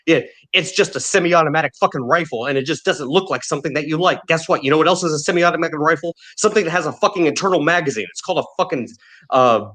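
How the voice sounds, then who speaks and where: A man hosting a podcast, delivering a furious, heavily profane rant full of shouted insults. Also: on the high side, fast talker. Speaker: podcast host.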